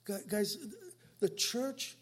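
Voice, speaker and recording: A man with a high, husky voice preaching a sermon. He talks in a loose, conversational way, repeating words and restarting his sentences. He moves between louder emphasis and quiet asides. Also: extremely slow. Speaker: pastor.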